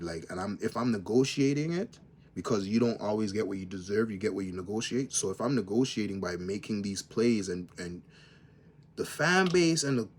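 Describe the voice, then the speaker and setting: A man's voice: on the low side, a little hiss or hum. Emphatic Canadian man with slang. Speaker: commentator. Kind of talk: opinionated commentary rant.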